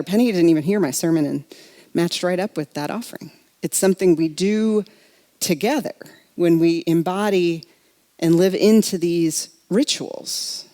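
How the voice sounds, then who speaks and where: A woman's voice: fairly low pitch, mellow. A middle-aged woman minister preaching a sermon in a reflective, conversational way, speaking directly to her congregation. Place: church sanctuary.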